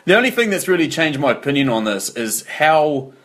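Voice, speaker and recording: A man's voice: a little high, brisk. A man in a casual movie chat, joking and acting out scenes as he retells them. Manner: jokey, animated, acts out scenes. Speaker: podcast co-host.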